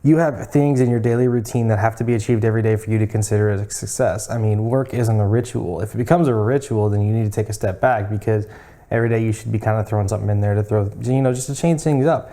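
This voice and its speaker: A man's voice: lowish voice, fairly even intonation, quick pace, warm tone. A young man co-hosting a casual show, joking and rambling, often repeating words as he starts a thought. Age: young adult. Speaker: podcast co-host. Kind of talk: casual chat.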